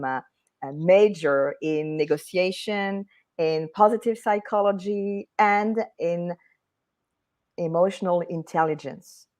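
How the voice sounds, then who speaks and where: A woman with a French accent talks as an interview guest, earnestly explaining her coaching work. Her voice sits a little low for a woman. Her English is careful and non-native. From France.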